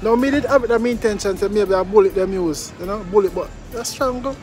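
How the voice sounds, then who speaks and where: Jamaican man ranting with high voice. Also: fairly quick, darkish tone, faint music behind. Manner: emphatic, repetitive, patois-laced. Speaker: vlogger. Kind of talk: commentary vlog.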